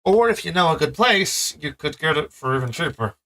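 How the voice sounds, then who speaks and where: Man, streamer, playful rambling commentary, bright edgy tone, animated pitch. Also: a little fast, poor audio. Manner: rambling, playful and self-mocking. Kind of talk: casual gameplay commentary.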